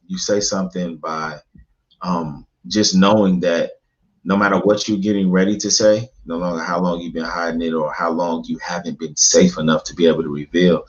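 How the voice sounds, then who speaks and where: A man's voice: low voice, dull audio. A man being interviewed as a guest, telling his personal story in an earnest, reflective way with rhythmic lists.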